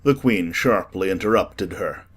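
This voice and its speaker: A man narrating a children's classic in a measured storytelling way for an audiobook. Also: sits low, lively intonation, husky.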